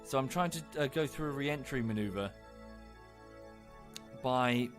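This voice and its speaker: A man's voice: mid-range voice, a little slow. A young man chatting over a game stream in a medium voice, rambling and self-mocking, swearing lightly. He speaks into a desk mic. Faint game music plays behind him. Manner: chatty, self-mocking, coos baby talk at his dog. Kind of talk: casual game commentary.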